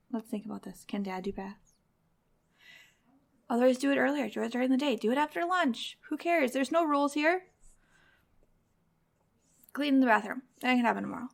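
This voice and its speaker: A woman with a slightly high, heavily gravelly voice gives a motivational talk to mothers. She speaks directly and conversationally, nudging her listeners along with encouragement. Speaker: podcast host.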